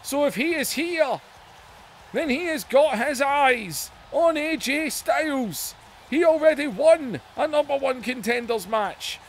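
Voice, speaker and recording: A man hosting a gaming video, giving excited wrestling-style play-by-play that bursts into shouts. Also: extremely high pitch, slow pace, a little hiss or hum. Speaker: YouTube gaming host.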